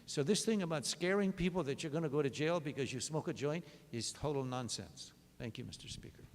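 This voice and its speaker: A man, a state legislator, rebutting in floor debate with an animated, anecdotal style. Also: on the high side, fairly quick. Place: large legislative chamber. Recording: long chamber reverb.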